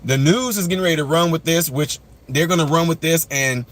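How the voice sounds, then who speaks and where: A man's voice: fairly high pitch, fairly quick, fairly bright tone. A man hosting a casual live-stream news commentary, chatting straight to his viewers and ranting animatedly. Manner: chatty, addresses viewers directly, rants animatedly. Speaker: commentator and channel host.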